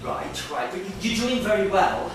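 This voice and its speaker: A high, showy game show host. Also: male voice, big pitch swings, normal speed. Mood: patronizing. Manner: showy, bossy, speaks down to the contestant. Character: brash male game show host Bob, pushy and patronizing. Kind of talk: improvised stage play. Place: theatre stage. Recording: echoey theatre from far off, faint music.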